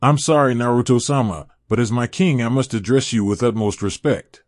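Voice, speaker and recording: A cheerful young servant girl speaks brightly and with stiff respect, pitched above a plain voice, as a male narrator puts her on. The recording is dry, close, and free of room sound. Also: fairly quick, dry recording, close to an everyday voice.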